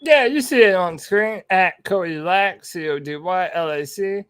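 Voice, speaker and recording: A male podcast co-host with a smooth, clear voice pitched a little high. He talks in a brash, joking way and recorded dry and close. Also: a bit bright, no echo. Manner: brash, joking, quick promo delivery. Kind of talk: casual chat.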